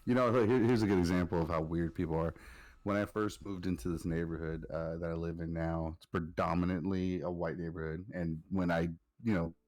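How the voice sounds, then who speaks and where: A man with a very low, deep voice co-hosts a casual podcast, blunt and quick to swear. His stories come out as jokes, and the sound is close and dry with no room around it. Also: fairly even intonation, darkish tone, no echo. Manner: blunt, profane, joking. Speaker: podcast co-host. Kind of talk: casual chat.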